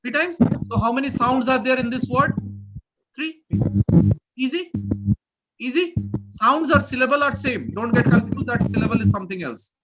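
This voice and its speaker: A man teaching pronunciation in a live online class, energetic and repeating phrases as he drills his students. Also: extremely high pitch, normal speed, pauses often, over loud music. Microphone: video call.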